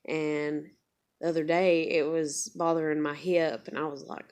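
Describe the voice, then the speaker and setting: A woman's voice: little pitch movement, a little slow. Young woman venting on her vlog, swears a lot, rises in heat as she goes. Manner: blunt, heavy swearing, venting; gets louder and higher when angry. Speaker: vlogger. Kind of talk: casual rant to camera.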